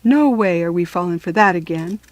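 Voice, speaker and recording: Doubtful storybook boy, flat and unimpressed, voiced by a woman reader. Dry sound. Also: lowish voice, fairly quick, no room sound, natural voice. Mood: skeptical. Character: skeptical young boy, friend of the heroine.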